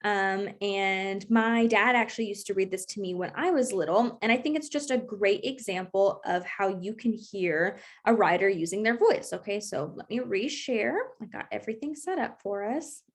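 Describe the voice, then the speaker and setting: A woman's voice: mid-range voice, normal speed, hardly any pauses. Encouraging young woman teaching class online. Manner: encouraging, checks in with frequent okays.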